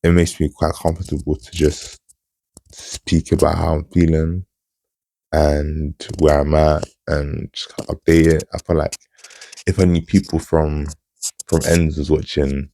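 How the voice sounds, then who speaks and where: A young man, talking casually and low-key in a monotone to camera for his own vlog. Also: a little slow, creaky, long pauses. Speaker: channel host. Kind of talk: casual solo vlog chat.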